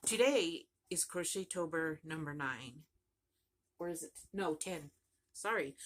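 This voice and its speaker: A woman's voice: deep voice, expressive, measured pace. A woman vlogging casually about her crochet project, rambling and chatty, often trailing off and starting over. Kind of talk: casual chat to camera.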